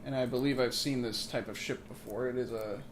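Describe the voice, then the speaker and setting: A man's voice: medium pitch, steady tone, brisk, slight background noise. Joking man narrating gameplay. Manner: joking, rambling asides. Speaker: let's play host. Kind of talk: casual gameplay commentary. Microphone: makeshift mic setup.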